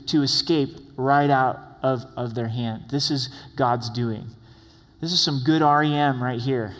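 A man preaching an expository sermon in a casual, conversational way, with asides and repeated words. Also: mid-range voice. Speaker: pastor. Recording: long hall reverb.

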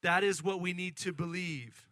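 A middle-aged man preaching a lively sermon, acting out excited voices and asking the congregation questions. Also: high-pitched, normal speed, dry recording. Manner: animated, acts out excited voices, addresses congregation. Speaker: pastor.

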